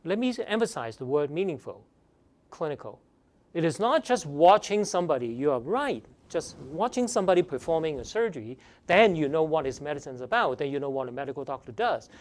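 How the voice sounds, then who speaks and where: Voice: mid-range voice, big pitch swings, a little fast. A pre-med admissions advisor giving a seminar lecture, emphatic, repeating key phrases and firing off rhetorical questions.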